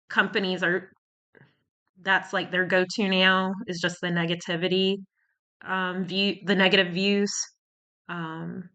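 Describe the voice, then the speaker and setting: A woman's voice: on the low side, sharp tone, dull audio. A woman talking in a casual commentary vlog. She rambles and searches for words, and she is short of breath from a cold. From United States. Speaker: YouTuber.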